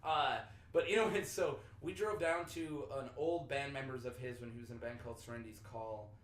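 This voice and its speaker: A young man from North Dakota hosting a podcast, telling animated stories in casual chat, swearing freely and acting out what people said. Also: mid-range voice, fairly quick. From North Dakota, USA. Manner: animated storyteller, swears freely, acts out quotes. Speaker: podcast host. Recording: echoey room with faint ambience.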